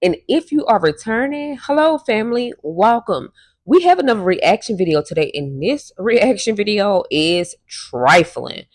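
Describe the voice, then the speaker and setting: A woman's voice: mid-range voice, animated, moderate pace, no room sound. A woman hosting her own channel, chatty and full of slang as she retells a story with blunt, profane asides. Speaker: YouTube channel host. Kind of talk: storytime reaction commentary.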